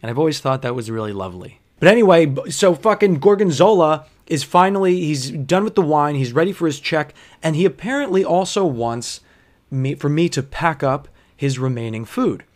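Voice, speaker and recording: A man's voice: fairly high pitch, moderate pace. A young man, a bartender, telling a story casually with lots of swearing and sarcasm. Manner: profane, animated, sarcastic.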